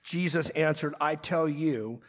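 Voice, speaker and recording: A man preaching a sermon as pastor, animated and quick with asides and acted-out quotes. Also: a little high. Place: church sanctuary. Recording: long reverb of a large hall.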